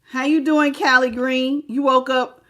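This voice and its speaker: Higher-voiced woman doing a live tarot reading, chatty, laughs a lot, greets viewers, repeats her points. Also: level tone, unhurried, fairly bright tone. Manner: emphatic, repeats key phrases. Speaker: tarot reader.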